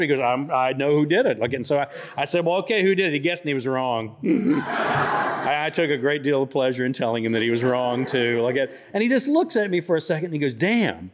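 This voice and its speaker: Middle-aged male author, folksy storyteller, rambling with lots of fillers, medium pitch. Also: animated, background noise. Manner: folksy, drawn-out anecdotes full of "you know" and "like". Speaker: author speaking at a book festival. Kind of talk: humorous storytelling talk. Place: church hall.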